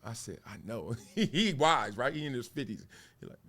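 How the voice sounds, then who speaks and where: Playful black-guy in his 40s riffing on sports drama, bright voice, pitch jumping all over. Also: normal speed, slightly rough. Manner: animated, playful, acts out quotes in voices. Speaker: sports commentary vlogger. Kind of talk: casual commentary.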